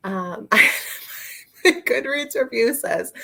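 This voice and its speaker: A woman's voice: mid-range voice, lively intonation, takes it slowly, gravelly, long pauses, bright, forceful tone. A woman chatting casually about books on a livestream, laughing often and answering her viewers. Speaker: book reviewer. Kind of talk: casual livestream book chat.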